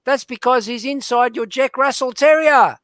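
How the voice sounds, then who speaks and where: A man's voice: very high-pitched, normal speed, a bit bright, no echo, studio quality, voice pushed up. An Australian man reading out the lines of a little girl in a joke, in his own plain voice. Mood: matter-of-fact. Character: little girl burying her pet.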